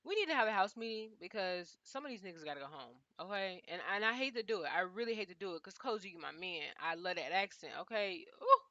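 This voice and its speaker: A young woman casually recapping a reality show, chatty and animated, full of slang, often talking straight to the cast members. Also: medium pitch, quick pace, no room sound, lo-fi sound.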